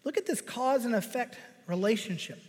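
A man preaching a sermon, measured and emphatic, with deliberate pauses. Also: extremely high pitch, lively intonation. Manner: measured, emphatic pauses, reads scripture aloud. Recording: reverberant hall.

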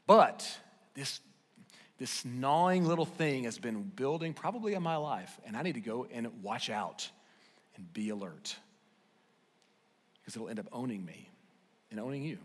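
A man preaching a sermon as a pastor, swinging between loud emphatic lines and hushed quiet ones. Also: medium pitch, animated, a little slow, long pauses, long reverb tail. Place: church sanctuary.

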